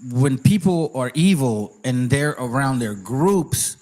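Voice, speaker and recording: A man's voice: medium pitch, lively intonation, slow pace, a little mellow, rough recording. A man hosting a channel who reacts to clips in a blunt, profane, street-casual way. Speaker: channel host. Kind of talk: reaction commentary.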